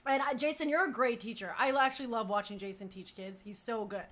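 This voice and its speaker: A woman's voice: fairly high pitch, quick pace. A woman hosting a casual talk show, telling stories with lots of laughter and acted-out quotes. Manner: giggly, animated storyteller acting out quotes. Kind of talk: casual chat.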